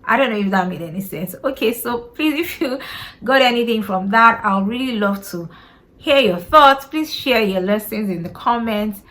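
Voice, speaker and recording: A woman's voice: medium pitch, a bit bright. A woman hosting a parenting podcast, talking casually and earnestly to listeners, often asking herself rhetorical questions and checking in with "you know" and "right?". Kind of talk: casual advice talk to camera.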